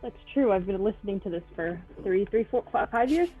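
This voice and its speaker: A woman playing a tabletop game, soft-spoken and wry. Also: mid-range voice, animated, a little fast, narrow, tinny audio, soft background music. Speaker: player.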